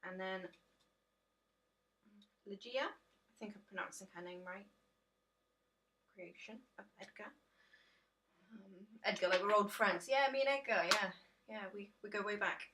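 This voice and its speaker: Woman, tired home vlogger, bright clear voice, chatty and rambling with lots of ums. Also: medium pitch, a little slow, long pauses, a little hiss or hum. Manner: chatty, rambling, self-deprecating, many ums. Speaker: tarot vlogger. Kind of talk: casual deck reveal chat.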